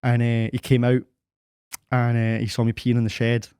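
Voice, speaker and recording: A young man co-hosting a podcast, telling rambling, animated stories full of "I was like". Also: medium pitch, normal speed, clean tone, no echo, clean studio sound. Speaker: podcast co-host. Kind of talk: casual chat, storytelling.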